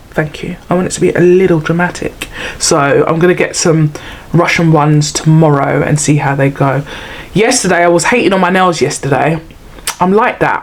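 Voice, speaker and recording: A middle-aged woman, chatting to camera in a rambling, self-mocking way. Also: lowish voice. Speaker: vlogger. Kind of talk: casual chat to camera.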